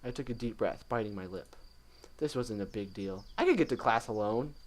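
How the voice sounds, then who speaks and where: A man hosting a let's play, reading a visual novel aloud quietly with joking asides. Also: on the low side, lively intonation, fairly quick, poor audio.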